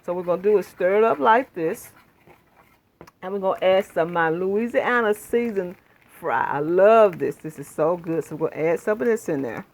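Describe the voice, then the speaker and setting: A woman's voice: fairly low pitch, normal speed. A woman hosting a home cooking demonstration in her kitchen, chatting homely with viewers. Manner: homey, chatty, addresses viewers as y'all. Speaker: cooking channel host.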